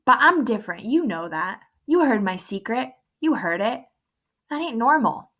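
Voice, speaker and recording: A woman's voice: on the high side, sing-song, moderate pace, a bit bright, voice pushed up. A woman voicing a defiant, hurting teenage boy. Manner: raw, pushing back hard. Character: teenage boy, defensive and pleading.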